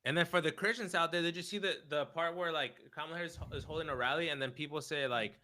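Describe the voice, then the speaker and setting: A man's voice: on the high side, fast talker, bright, forceful tone, a little hiss or hum, poor audio. A young man co-hosting a casual political chat, blunt and profane, who peppers his talk with "bro" as he gets worked up. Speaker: podcast co-host.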